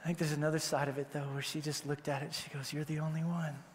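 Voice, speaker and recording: A man from Wyoming preaching a sermon as pastor, animated and joking, acting out the voices he quotes. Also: a little high, rapid-fire, slight background noise. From Wyoming, United States. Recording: long hall reverb.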